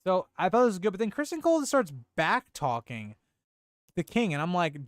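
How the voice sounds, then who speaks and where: Young man, smooth fairly high voice, casual stream chat, animated and exclamatory. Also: normal speed, no room sound, clean studio sound. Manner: animated and exclamatory, heavy on "like" and "dude". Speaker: streamer reviewing a TV episode.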